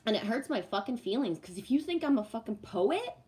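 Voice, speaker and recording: A woman's voice: fairly high pitch, very animated, brisk, darkish tone. A woman livestreaming casually to viewers, ranting bluntly and swearing freely, then reading oracle cards. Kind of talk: casual live chat with viewers.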